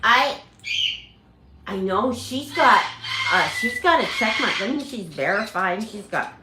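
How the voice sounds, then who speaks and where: A woman with a lively, slightly high voice chats slowly with viewers about her parrots. She is recorded in an echoey room at home. Loud noise and squawking parrots fill the background. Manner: chatty, laughing, imitates bird screams. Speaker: parrot channel host. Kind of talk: casual livestream chat with viewers.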